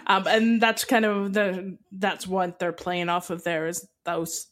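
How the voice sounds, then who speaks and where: A woman's voice: fairly low pitch, little pitch movement, a little slow. Enthusiastic Canadian woman describing a place. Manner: enthusiastic, descriptive, frequent ums. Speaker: podcast co-host. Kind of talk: casual chat, describing a place.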